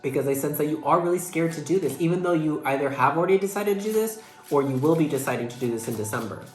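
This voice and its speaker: Speaking in an animated, slightly mellow mid-range voice at a quick clip, this young adult tarot reader gives an earnest, emotional monthly reading in a casual style. Casual swearing and frequent "like"s pepper the talk, recorded in an echoey room over faint background music.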